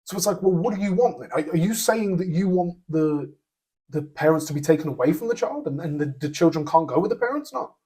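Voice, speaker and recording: A man's voice: on the high side, animated, dark tone, husky. A man hosting a podcast, giving a blunt, opinionated commentary monologue with many restarts and a habit of tagging sentences with "right?". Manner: blunt, repeats "right?" as a tag question; halting, with many restarts and fillers. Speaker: podcast host.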